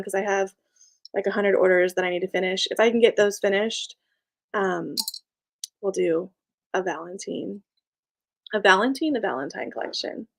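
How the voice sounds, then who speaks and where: A young woman chatting casually on a live stream, reading viewer comments, bubbly and laughing often. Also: medium pitch. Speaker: small business owner and live streamer.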